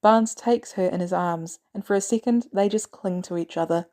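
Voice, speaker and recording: A woman narrates a story aloud in a measured, even way. Her voice is mellow and warm, sitting at a middle pitch. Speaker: podfic reader.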